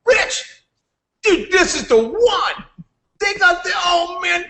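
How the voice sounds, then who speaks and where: A man's voice: very high voice, big pitch swings, slow pace, voice pushed up, full character voice. A man imitating a friend who gushes about a new business venture. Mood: hyped. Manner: shouting, breathless hype. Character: overexcited young man pitching a new company.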